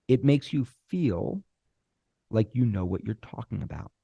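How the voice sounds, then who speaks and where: A middle-aged man teaching screenwriting, talking animatedly, with deliberate pauses and acted-out bits of dialogue. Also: on the low side, very animated, vocal fry, slightly rough, dry recording, muffled recording. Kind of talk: instructional talk.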